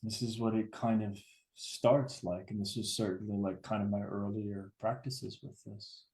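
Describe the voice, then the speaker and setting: A man's voice: lowish voice, level tone, moderate pace, a little mellow. Man, relationship coach, earnest, emphatic, casual swearing. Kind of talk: personal teaching talk.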